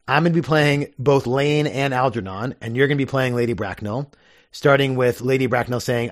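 A man's voice: mid-range voice, normal speed, no room sound, clean studio sound. A man hosting a casual podcast, chatty and explaining with plenty of fillers. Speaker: podcast host.

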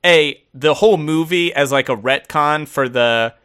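A man co-hosting a casual chat, talking in an animated, rambling way with many fillers and frequent laughs. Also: a little high, measured pace, clear, resonant tone. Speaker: podcast co-host.

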